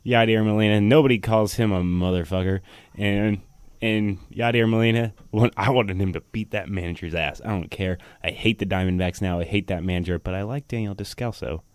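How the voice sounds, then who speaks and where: Low-voiced young man, blunt and excitable. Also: a little fast, clear, resonant tone, dry recording. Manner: enthusiastic, blunt and profane. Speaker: podcast co-host. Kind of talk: casual sports chat.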